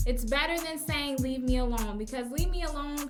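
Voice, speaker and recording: A woman's voice: sits high, moderate pace, hardly any pauses, music in the background. A young woman hosting a casual advice podcast as a teacher, chatting and acting out phrases emphatically.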